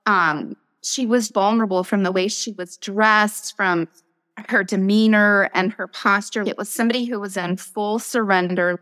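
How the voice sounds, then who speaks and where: Soft-spoken woman hosting a faith podcast. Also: medium pitch, steady tone, moderate pace, big-room sound, poor audio. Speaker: podcast host. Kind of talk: conversational interview.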